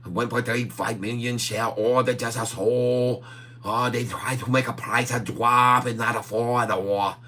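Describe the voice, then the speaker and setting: A man's voice: medium pitch, fairly even intonation, a little slow, pushed and bright, pitched above the performer's own voice. A man putting on a clowning broken-English voice, with exaggerated grammar and giggles. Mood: playful.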